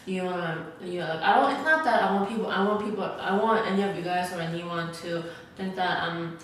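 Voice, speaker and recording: The recording catches this young woman from a distance: a lowish, slightly bright voice going fairly quickly as she eats for her mukbang vlog. Her casual, rambling story is full of "like" and "you know," and the large, sparsely furnished new apartment room is very echoey, with her off-mic and a faint hiss underneath.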